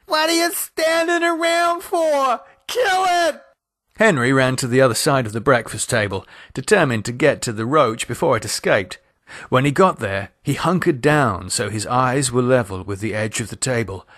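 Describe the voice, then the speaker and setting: A man narrating an audio horror story in a lively, expressive storytelling manner. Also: medium pitch, normal speed, no echo, clean studio sound.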